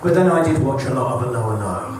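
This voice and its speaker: A man's voice: medium pitch, lively intonation, fast, heavy background noise. A man performing stand-up comedy live in a small club, with a wry, ironic delivery and repeated setups. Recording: echoey room, mic at a distance.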